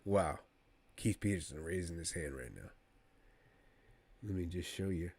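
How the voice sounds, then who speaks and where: A man giving casual live play-by-play of a fight to his stream viewers, rambling and excitable like a fan, talking to the chat between calls. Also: deep voice, a little slow, slightly rough.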